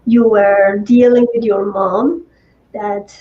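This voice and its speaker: A woman host, speaking in a measured, reflective way with frequent fillers. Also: medium pitch, steady tone, muffled recording. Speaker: host, coach. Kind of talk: interview talk.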